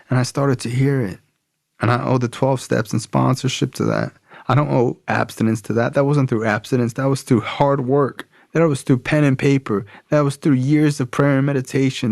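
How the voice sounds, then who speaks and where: A man's voice: medium pitch, gravelly, a little mellow, no room sound, studio quality. A man sharing his life story as a podcast guest, blunt and profane, with emphatic repetition. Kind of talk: personal storytelling.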